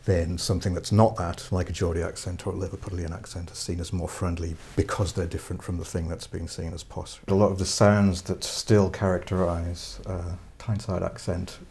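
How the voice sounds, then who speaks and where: Male academic interviewee, very low mellow voice, even delivery, pauses to think. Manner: thoughtful, hesitant with fillers. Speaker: linguistics professor. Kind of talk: interview explanation.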